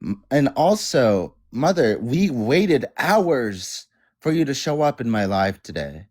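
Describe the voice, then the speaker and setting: A man speaking as a guest on a livestream, indignant but measured. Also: mid-range voice, sing-song, a little mellow. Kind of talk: heated livestream discussion.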